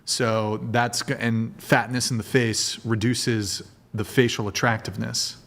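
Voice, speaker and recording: A man's voice: medium pitch, level tone, measured pace, fairly bright tone. A man hosting a dating panel on a live stream, blunt and teasing as he questions the guests. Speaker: dating show host.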